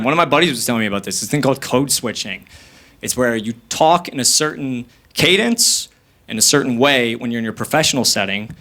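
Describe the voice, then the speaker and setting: A young man doing stand-up comedy on a stage into a handheld mic, energetic and self-mocking, jumping into voices. The live comedy club recording carries audience noise. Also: mid-range voice.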